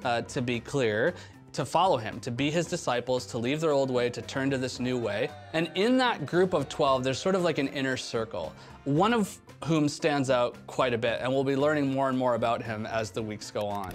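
A man's voice: medium pitch, normal speed, soft background music. A man teaching a casual Bible lesson for teens as a youth pastor, chatty, with filler words.

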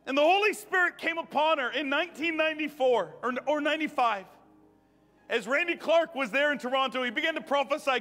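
Guest preacher, male, 30s, very high bright voice, fervent and repetitive, church reverb with music underneath. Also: brisk. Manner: fervent, repeating phrases, rising to shouts. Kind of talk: charismatic sermon and prayer. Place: church sanctuary.

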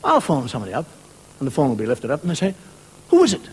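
A man's voice: mid-range voice, big pitch swings, racing, husky. A man doing a stand-up monologue as a TV comedy host, wry and mock-indignant, swearing freely as he tells his stories. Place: TV studio before a live audience.

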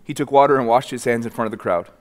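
In a church sanctuary, a pastor with a medium-pitched voice preaches very fast, his words echoing through the big room. He reads scripture, then speaks earnestly, often repeating and restarting words.

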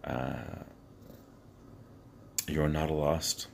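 Very deep, gravelly man speaking scratchily. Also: level tone, a little hiss or hum. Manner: earnest, halting, many fillers and restarts. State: morning voice before tea or water. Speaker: vlogger. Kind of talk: rambling motivational vlog to camera. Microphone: phone camera held close to the face.

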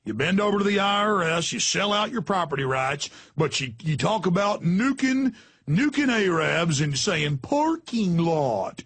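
A man mimicking a loud Southern good old boy in an exaggerated slow drawl, with a Southern accent. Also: high voice, sing-song, husky, no echo, voice pushed up, full character voice. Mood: scornful.

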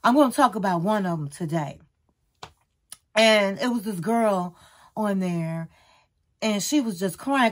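A woman hosting her own channel, chatting casually to camera and telling a story in an animated way with sudden jumps in pitch. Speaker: YouTube channel host.

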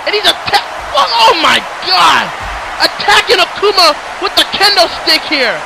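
A man calls a wrestling match in a very high, gravelly voice, yelling out every big move with excitable swearing. The recording carries clear background noise. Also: normal speed. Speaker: wrestling commentator. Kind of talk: excited play-by-play commentary.

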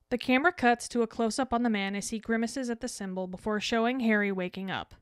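A woman co-hosting a podcast, reading out a scene summary with a dry, deadpan edge. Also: fairly high pitch, smooth, no echo. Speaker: podcast co-host.

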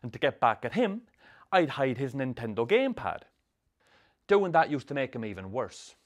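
An actor narrating a film as a troubled young Irish man with a Sligo accent, telling his rough youth in a dry, sardonic way. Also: medium pitch, big pitch swings, moderate pace, natural voice. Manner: dry, sardonic storytelling with strong swearing. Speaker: narrator, the film's lead. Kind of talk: scripted film voice-over.

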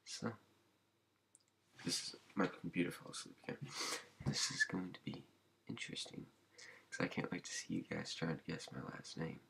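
A man hosting an ASMR channel, rambling in a halting way with many fillers, often dropping into a whisper. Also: low voice, gravelly, sharp tone, slight background noise. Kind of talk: soft-spoken ASMR channel update.

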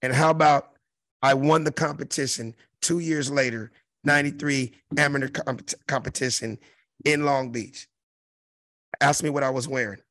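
A man in his fifties from South Central Los Angeles, a comedian telling a profane, animated story in an interview and acting out the other voices. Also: medium pitch, normal speed, dry recording. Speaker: comedian guest.

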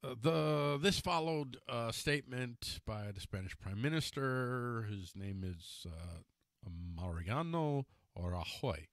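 A man's voice: mid-range voice, lively intonation, takes it slowly, no room sound, clean studio sound. Wry, sarcastic male commentator. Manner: wry and sarcastic, laughing at his own jabs; stumbles over names and self-corrects. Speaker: political commentator. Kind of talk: casual commentary vlog.

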